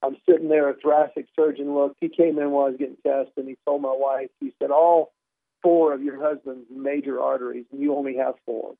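A man, a comedian guest, telling a story in an animated, wry way and acting out the dialogue. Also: medium pitch, a little fast, vocal fry, no echo. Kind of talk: conversational storytelling. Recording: tinny phone line.

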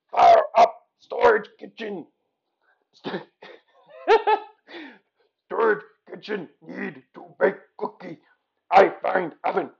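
A deeply gravelly, husky puppet monster, crawling along in broken caveman grammar. He is obsessed with cookies, and his voice sits fairly high for a man. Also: highs cut off, full character voice. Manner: slow caveman grammar, hungry grumbling.

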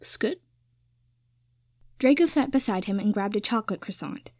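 A woman hosting a fan fiction reading, telling the story in an even, clear way. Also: medium pitch, fast, no room sound.

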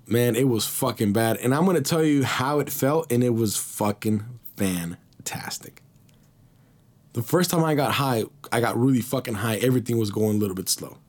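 A man's voice: medium pitch, fairly quick, hardly any pauses. Man, podcast host, casual storytelling, profane, slangy, rambling.

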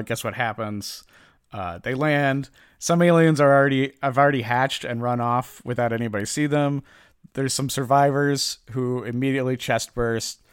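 A man recaps a comic story in casual podcast chat, jumping into quick impressions of the characters. His voice is smooth and clear, recorded close and dry. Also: mid-range voice, no echo. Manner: animated storyteller, acts out characters' lines, lots of "like" fillers.

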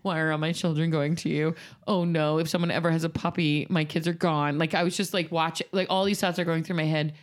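A woman's voice: deep voice, a little fast, few pauses. A woman in her thirties telling a dramatic story in a casual chat, with lots of fillers and restarts. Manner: animated, dramatic retelling with many fillers. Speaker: podcast co-host telling a story.

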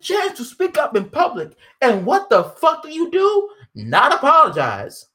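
A woman's voice: high-pitched, wildly swooping pitch, unhurried, a bit bright. A woman ranting in heated casual commentary, profane, indignant and emphatic.

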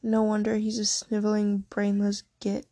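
A woman's voice: mid-range voice, monotone, normal speed, warm tone, no room sound, studio quality, lightly acted. A woman voicing a sneering teenage wizard boy who whispers mockery. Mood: mocking. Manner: whispering, mocking.

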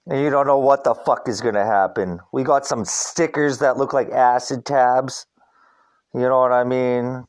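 A young man from Canada hosting a podcast, rambling in a casual rant and swearing constantly. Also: medium pitch. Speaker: podcast host. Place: Vancouver.

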